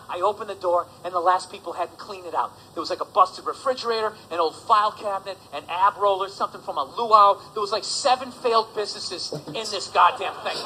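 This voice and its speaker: Stand-up comic guy ranting n cursing, sarcastic, super bright sharp voice. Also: high voice, a little hiss or hum, low-quality recording. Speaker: stand-up comedian. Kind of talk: stand-up comedy routine.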